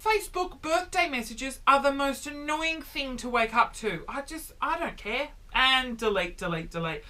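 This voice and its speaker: In an animated, over-the-top comedy vlog, a man in his thirties talks in an extremely high voice. Every so often he bursts into sudden loud exclamations.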